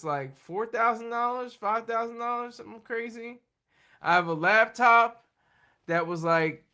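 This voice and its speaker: A man with a high, bright voice rambles through a casual live stream from home. He laughs often and trips over his words, restarting sentences as he goes, with a light, tense edge to his tone. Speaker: livestream host.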